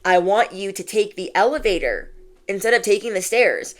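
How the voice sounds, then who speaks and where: A woman's voice: mid-range voice, lively intonation, normal speed. A woman giving a casual spiritual reading, chatty and affirming, often saying "like". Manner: chatty and affirming, heavy use of "like". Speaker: intuitive card reader.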